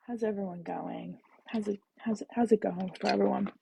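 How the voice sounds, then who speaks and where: A woman's voice: medium pitch, fairly even intonation, a little fast, vocal fry, mellow, husky, no room sound, rough recording. A woman hosting a book-reading livestream, chatting casually and bubbly with viewers, full of jokey asides. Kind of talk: casual live chat with viewers.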